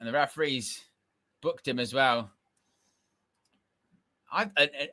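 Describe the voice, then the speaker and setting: Excitable young British man, bright voice. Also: medium pitch, slow, pauses often, no room sound. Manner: excitable, bursts into shouting at big moments. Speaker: watch-along host. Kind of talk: live football watch-along commentary.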